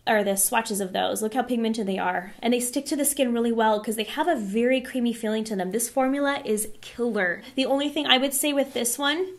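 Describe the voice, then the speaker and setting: A woman's voice: fairly high pitch, brisk, hardly any pauses. A woman in a casual beauty vlog, chatty and enthusiastic with frank opinions, a little winded from a cold. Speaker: beauty vlogger reviewing palettes. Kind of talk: casual product review.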